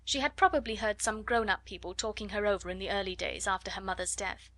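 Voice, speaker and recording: A woman reading a classic children's novel aloud as an audiobook narrator, in measured, expressive storytelling. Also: mid-range voice, no room sound. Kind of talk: scripted narration.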